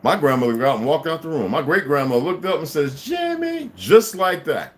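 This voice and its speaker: A man's voice: a little high, animated, fairly quick. A man in his fifties delivering a heated, profane, unscripted monologue as a vlogger.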